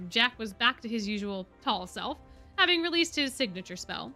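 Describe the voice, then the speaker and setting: Bright-voiced woman reading a story live. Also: on the high side, moderate pace, soft background music. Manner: lively, laughs at the text. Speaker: streamer reading aloud.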